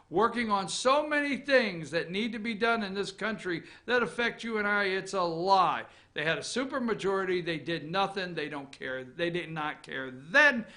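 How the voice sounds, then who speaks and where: A man's voice: high-pitched, sharp tone. A man hosting a political opinion show, ranting sarcastically, swearing freely and laughing at his own jokes. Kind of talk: off-the-cuff political commentary.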